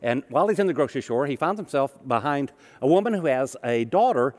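A man's voice: medium pitch, lively intonation, fast, a little mellow. Man preaching with long hall reverb. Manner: storytelling, conversational with humor. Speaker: minister. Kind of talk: sermon.

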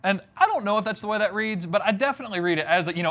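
High-voiced young man preaching casually. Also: lively intonation, rapid-fire, hardly any pauses, a bit bright. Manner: conversational and humorous, acts out scripture voices. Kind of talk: sermon.

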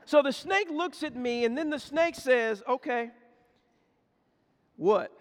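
A man's voice: very high-pitched, moderate pace. A man preaching a sermon, telling a folksy story with lots of repetition and humor. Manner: folksy, animated storytelling, repeats words. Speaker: pastor. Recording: echoey hall.

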